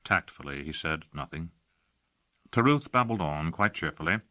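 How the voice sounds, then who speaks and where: A man narrating an audiobook with expressive storytelling. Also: deep voice, normal speed, no room sound. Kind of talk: scripted narration.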